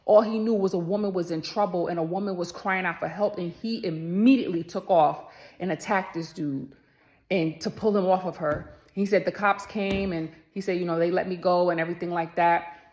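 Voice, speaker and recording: Chatty mom, lowish voice. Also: female voice, fairly quick. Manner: chatty, addresses viewers as y'all, animated quoting. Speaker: mother telling a story. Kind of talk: casual storytime vlog to camera.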